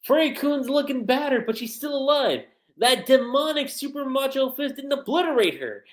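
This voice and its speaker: An excitable male arena announcer, calling out the action in a raised, bouncy pitch, as a man puts him on. The voice sounds a little roomy and swoops up and down. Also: normal speed. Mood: hyped. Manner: hyped, exclamatory.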